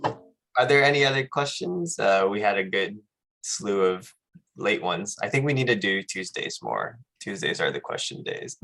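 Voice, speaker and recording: A man hosting a webinar over a video call, talking casually and haltingly with many fillers. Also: lowish voice, sing-song, creaky, sharp tone. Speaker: webinar host.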